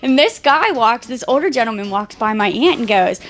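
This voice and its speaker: A woman's voice: a little high, a little fast. A woman, an actress, chatting on a commentary track and telling stories with acted-out quotes. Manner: lively storyteller, acts out quotes. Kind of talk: casual commentary chat.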